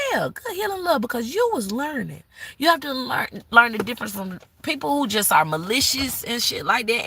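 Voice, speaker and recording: This tarot reader's voice is a little high, creaky, and husky, pushed and bright. Reading live on stream, she's blunt and sassy, swearing freely and telling the viewer off the way an auntie would.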